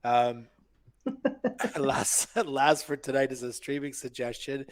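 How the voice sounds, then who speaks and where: A man's voice: medium pitch, sing-song, slow pace, dry recording. A man with a mid-range voice reads a listener's letter aloud on a podcast, steadily with the odd stumble. The recording is dry and close. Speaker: podcast co-host.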